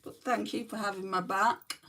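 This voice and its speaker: A woman's voice: medium pitch, fairly even intonation, moderate pace, bright, forceful tone, recorded from a distance. Chatty New Zealand woman on a makeup livestream. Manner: chatty, reads out and answers viewer comments. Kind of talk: casual chat reading live comments.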